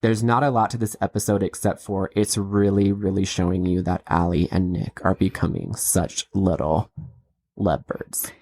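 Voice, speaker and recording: A woman with a very deep, low voice recaps a TV show in relaxed, chatty podcast talk. She laughs easily and acts out the characters' lines. The recording is close and dry. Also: normal speed, dry recording. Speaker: podcast co-host. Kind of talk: casual recap chat.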